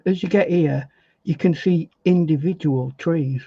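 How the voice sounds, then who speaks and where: A man demonstrating painting step by step in a relaxed, chatty way, thinking aloud as he works. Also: fairly high pitch, unhurried, breathy edge, no room sound. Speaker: painting instructor. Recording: dry, slightly dull recording.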